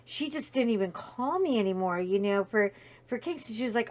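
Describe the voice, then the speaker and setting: A woman's voice: on the high side, expressive, a little fast, a little mellow. A woman hosting a casual crafting video, telling an anecdote with many fillers and acted-out quotes. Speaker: video host. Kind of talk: casual storytelling while diamond painting.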